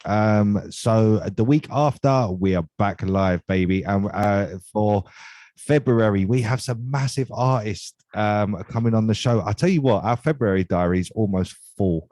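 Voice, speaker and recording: Cheeky English man co-hosting, mellow low voice. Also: unhurried, no room sound. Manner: jokey, cheeky, friendly. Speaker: co-host. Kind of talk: casual podcast chat.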